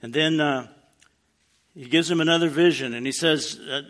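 A man's voice: on the high side, moderate pace, fairly bright tone. A man preaching a casual, plainspoken sermon, dropping in wry humorous asides as he teaches. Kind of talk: conversational sermon.

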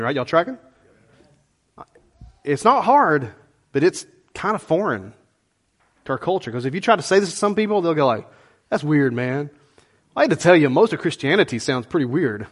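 A middle-aged man preaching a sermon as pastor, conversational and animated, with folksy asides to the congregation. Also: on the high side.

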